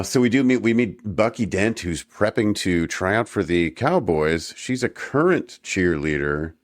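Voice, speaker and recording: A man's voice: low voice, dry recording, studio quality. A man co-hosting a podcast, chatting casually and joking, rambling with restarts and self-corrections. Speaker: podcast co-host. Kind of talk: casual chat.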